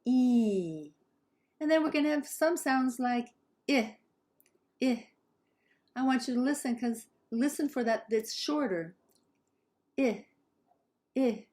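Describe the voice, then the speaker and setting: A woman from Southern California with a Southern Californian accent, teaching English pronunciation slowly and carefully and modeling sounds for learners to repeat. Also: high voice, a little mellow. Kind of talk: pronunciation lesson.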